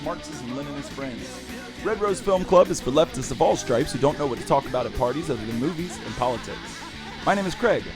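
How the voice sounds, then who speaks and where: A man co-hosting a film podcast in loose, jokey casual chat, laughing often. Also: a little high. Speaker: podcast co-host.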